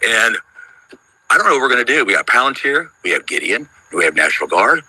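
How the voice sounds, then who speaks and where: Fast-talking worried man in his fifties. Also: medium pitch, big pitch swings, sharp tone, slightly rough, dry recording, poor audio. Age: 50s. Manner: worried, rambling, emphatic. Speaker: caller on a live audio room. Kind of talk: casual chat.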